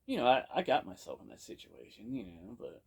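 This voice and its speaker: Husky and darkish, his mid-range voice swings widely in pitch, runs fairly quick, and carries vocal fry. The man is a podcast storyteller rambling through a personal story from his past, swearing constantly and filling it with "you know."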